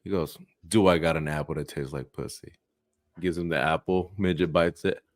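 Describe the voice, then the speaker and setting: A man's voice: very deep voice, steady tone, normal speed, no echo. A man co-hosting a comedy podcast, casually chatting and telling a crude bar joke with swearing and acted-out voices. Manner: storytelling, swearing, acts out voices in jokes. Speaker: podcast co-host.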